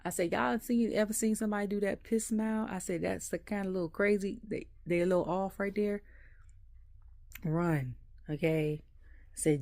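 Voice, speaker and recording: A woman vlogging a casual wrestling recap at home, an animated storyteller who laughs often. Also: lowish voice, normal speed, no room sound, studio quality. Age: adult.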